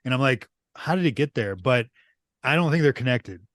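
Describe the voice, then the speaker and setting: A man co-hosts a casual podcast, speaking at an average middle pitch. He is easygoing and agreeable, dropping quick interjections as he talks movies. His voice is dry and close, without room echo. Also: expressive, fairly bright tone. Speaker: podcast co-host. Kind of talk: casual chat about horror movies.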